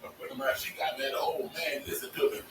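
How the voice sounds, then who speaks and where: A man telling casual stories to his vlog audience, animated and laughing, cursing freely as he talks. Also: quick pace. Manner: animated, swearing, laughing storyteller. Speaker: vlogger. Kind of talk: casual storytelling monologue. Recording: echoey, distant mic with faint noise.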